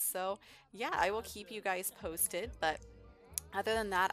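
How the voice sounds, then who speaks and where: A woman's voice: fairly low pitch, fairly bright tone. A woman hosting a let's play, chatting in an upbeat, rambling way. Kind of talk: casual game commentary.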